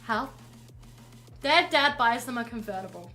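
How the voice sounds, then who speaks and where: A woman's voice: a little high, animated, a little slow, bright, forceful tone, rough recording. A woman streaming while painting, telling a rambling story in casual chat and often correcting herself. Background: faint music.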